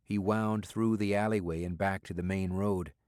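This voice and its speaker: A man narrating a spy thriller audiobook in a steady, measured storytelling manner. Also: low-pitched, clear, resonant tone, no echo, clean studio sound.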